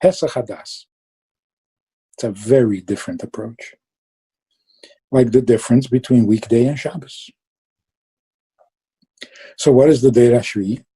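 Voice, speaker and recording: Dark, husky-voiced man giving a Chassidic talk. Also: medium pitch, measured pace, long pauses, rough recording. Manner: lively storytelling, mixing Yiddish and Hebrew terms. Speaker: Chassidic teacher.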